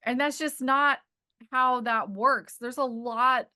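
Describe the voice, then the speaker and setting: Woman guest, bright and forceful voice, chatty and animated in casual talk. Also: high voice, takes it slowly, smooth. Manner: animated, chatty, laughs while explaining. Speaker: cinematographer guest. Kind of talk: casual interview chat.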